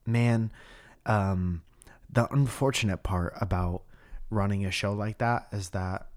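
A man with a very deep voice hosting a casual podcast. He talks in a relaxed way, wry and easygoing. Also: slow. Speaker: podcast host and comedian.

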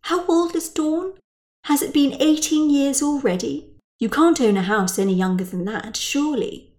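A woman doing a brisk, scheming friend. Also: high voice, darkish tone, echoey room, pitched above the performer's own voice, close to an everyday voice. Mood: coaxing.

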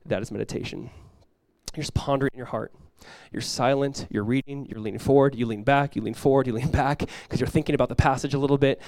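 A male pastor preaching in a conversational sermon style, dropping to a hushed voice when acting out prayers. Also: mid-range voice, no echo, clean studio sound.

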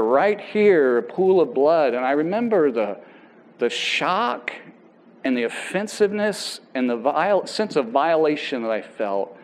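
A man preaching to his church in a loose, talky way, stopping and restarting his phrases as he tells a story. His pitch sits in an ordinary middle range. A faint hum of noise runs under the recording. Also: rough recording. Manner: conversational, halting restarts, quotes people aloud. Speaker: pastor. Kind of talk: sermon with personal story.

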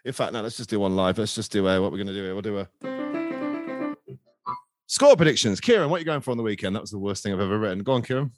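A man's voice: fairly low pitch, lively intonation, music in the background. A man hosting a casual football fan podcast, joking, swearing and bantering with his guests. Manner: jokey, swears, quick banter. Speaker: podcast host.

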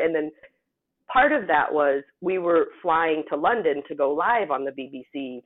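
A woman scientist from the United States talking casually in an interview, telling stories with animated emphasis. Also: low voice, moderate pace. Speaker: guest scientist. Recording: tinny phone-like line.

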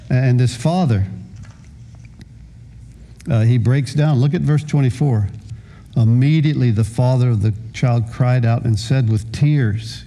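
Slow, halting older male pastor. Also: medium pitch, mellow. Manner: slow, halting delivery with many repeated words. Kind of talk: sermon.

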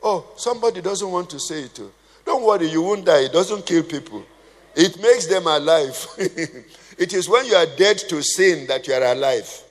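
At a normal speed, a man with a slightly high, animated voice gives a conversational, funny sermon, quizzing his congregation and tossing in humorous asides. The recording carries long hall reverb.

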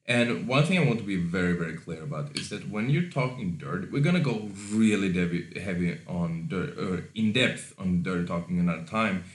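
Man, lowish voice, emphatic casual advice, roomy echo. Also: expressive, normal speed, hardly any pauses. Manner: emphatic, swears, stresses words. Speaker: podcast co-host. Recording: roomy echoey room.

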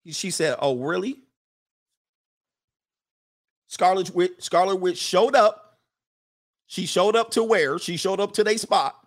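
Animated, preachy man with a high voice. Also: moderate pace. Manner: animated, preachy, repeats his lines for emphasis. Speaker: live-stream host reading viewer comments. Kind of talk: casual commentary monologue.

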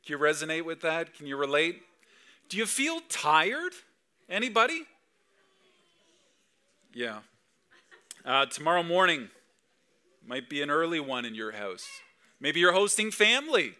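A man's voice: a little high, sing-song, measured pace, long pauses, bright, forceful tone, clear, resonant tone. A man preaching a Christmas Eve sermon in a church service, chatty and full of rhetorical questions to the crowd. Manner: conversational, asks the crowd lots of rhetorical questions. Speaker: pastor.

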